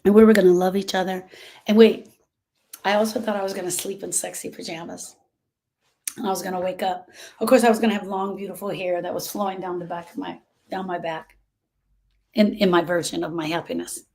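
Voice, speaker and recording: A woman in her sixties, a grief coach, teaching a group in a lively, conversational storytelling way. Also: on the low side, a little fast, vocal fry.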